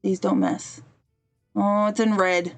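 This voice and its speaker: A woman hosting a podcast tells a story in a chatty, rambling way as she plays a game on a livestream, breaking off to fix her stream and briefly mimicking the people she quotes. She speaks slowly at a medium pitch with little pitch movement, over soft background music.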